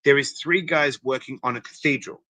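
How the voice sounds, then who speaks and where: A man's voice: mid-range voice, moderate pace, bright, forceful tone, no echo. A man giving an emphatic, coaching-style interview as a guest interventionist, often checking in with "okay?" and "right?". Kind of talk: motivational interview talk.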